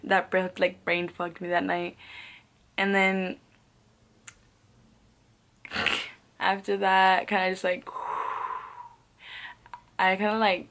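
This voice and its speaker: A woman's voice: medium pitch, completely flat delivery, very slow, long pauses, a bit bright. A young woman telling a casual storytime, rambling and swearing, with frequent "like" fillers and laughs between phrases. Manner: rambling, profane, peppered with "like". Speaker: vlogger.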